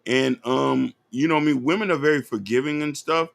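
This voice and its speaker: A man's voice: medium pitch, fairly quick, creaky. A man hosting, casually commenting on a clip, rambling with stumbling restarts. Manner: rambling, with stumbling restarts and "you know what I mean". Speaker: host reacting to a clip.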